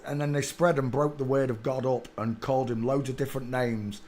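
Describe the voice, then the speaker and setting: A man hosting a live stream, rambling through a monologue and now and then bursting into excited shouts. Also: mid-range voice, a little fast. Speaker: livestream host.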